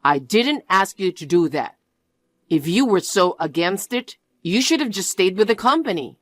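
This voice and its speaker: A woman's voice: medium pitch, big pitch swings, moderate pace, dry recording. Woman voicing a defensive young fiancé. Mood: annoyed. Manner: defensive and demanding. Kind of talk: storybook narration.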